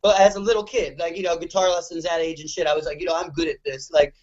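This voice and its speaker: A man's voice: on the high side, fairly even intonation, fast talker, darkish tone. A young man from the Philadelphia suburbs, chatting loosely as a guest musician, with lots of fillers and swearing. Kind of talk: casual interview chat. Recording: muffled lo-fi audio.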